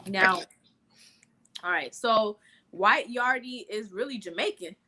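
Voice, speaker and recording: Bright-voiced blunt woman co-host. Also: medium pitch, animated, slow pace. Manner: blunt, rambling, lots of filler words. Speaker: podcast co-host. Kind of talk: casual chat.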